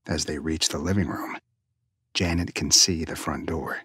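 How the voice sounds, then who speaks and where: A male narrator reads a suspense story in a hushed, breathy voice that sinks near a whisper. His low tone has a bright, forward edge. The sound is close and dry. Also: fairly even intonation, moderate pace, no room sound.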